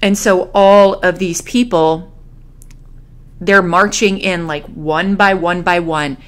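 A woman tarot reader telling a vision as a story, slowly and hesitantly, with many fillers and restarts. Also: lowish voice, fairly even intonation.

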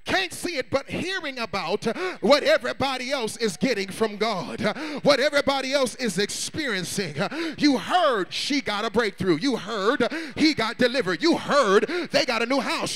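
High, gravelly fired-up preacher man. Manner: fervent preaching that swings between shouting and hushed asides; call-and-response prompts to the congregation. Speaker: pastor. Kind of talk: sermon.

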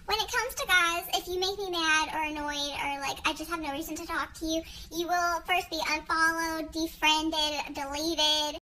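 A young woman with a drawl vents into her phone camera. Her voice sits very high and sounds bright and sharp, and she speaks bluntly, with sass and emphasis. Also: fairly even intonation, moderate pace, hardly any pauses, a little hiss or hum, rough recording. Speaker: vlogger. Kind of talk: ranting social media story.

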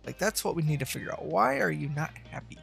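Brief: male let's-play host, gravelly fry, lively pitch, musing aloud at his game, soft game music under him. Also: quick pace. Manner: thinking aloud, chatting to the game's students. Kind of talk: casual gameplay commentary.

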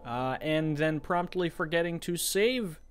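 A man's voice: fairly high pitch, measured pace, soft background music. A man giving casual gameplay commentary as a let's-play host, rambling, correcting himself and muttering in frustration. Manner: rambling and self-correcting, restless.

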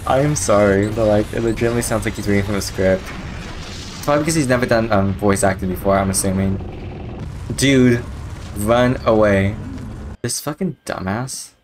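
A young man commenting on a video game as he plays, excitable and profane, laughing often. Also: fairly low pitch, normal speed, a little hiss or hum. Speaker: gaming YouTuber. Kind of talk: let's play commentary.

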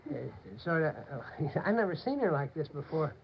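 Brief: nervous dad who keeps stumbling over words, voice sits a bit high, dull old broadcast sound. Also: male voice, lively intonation, normal speed. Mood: worried. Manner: hesitant, stumbling, repeating himself. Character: anxious, stammering father of a frightened teenage girl. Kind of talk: 1950s television drama acting. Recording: dull, faintly noisy old broadcast recording.

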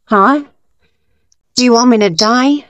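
A woman's voice: on the high side, takes it slowly, a bit bright, no room sound. A woman playing a panicked young wife who stammers and gets flustered in a casual fan roleplay.

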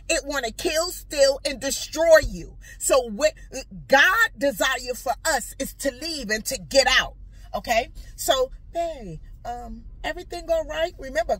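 A woman telling a personal story with preaching, dramatic and animated, acting out dialogue and repeating lines for emphasis. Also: mid-range voice, husky. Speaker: vlogger.

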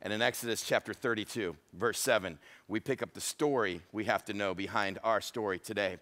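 A man's voice: on the low side, brisk, fairly bright tone. A male pastor preaching a humorous, storytelling sermon.

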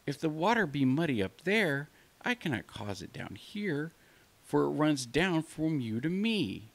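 A man voicing a timid young female lamb in a storybook reading, pleading in a high, slow voice. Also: big pitch swings, gravelly, exaggerated voice. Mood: protesting.

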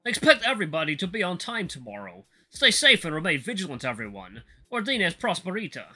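A man's voice: high voice, huge pitch swings, fairly quick, pushed and bright, soft background music, voice pushed up, heavily acted. A man voicing a stern, commanding male guild leader who gives formal announcements. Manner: formal announcing tone, failed attempt at a Russian accent.

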